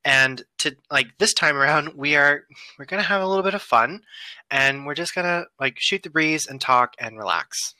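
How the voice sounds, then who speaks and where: A man's voice: on the high side, moderate pace, sharp tone, no echo, rough recording. A young man from the United States, co-hosting a casual podcast chat with a jokey, self-mocking manner. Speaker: podcast co-host.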